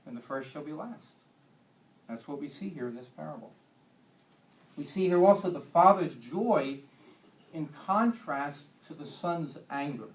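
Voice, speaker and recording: A man teaching a Bible lesson to a church group in a conversational way, with homely humorous asides. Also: fairly high pitch. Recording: echoey room, distant mic.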